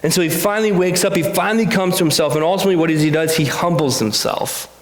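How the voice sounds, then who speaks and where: A man's voice: on the high side, fast talker. Earnest preacher, man, in an echoey church. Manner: earnest, confessional, frequent restarts. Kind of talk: conversational sermon.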